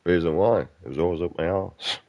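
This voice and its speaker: A man's voice: sits low, brisk, no echo, highs cut off. A man giving casual gameplay commentary, ranting bluntly and swearing a lot. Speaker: game streamer.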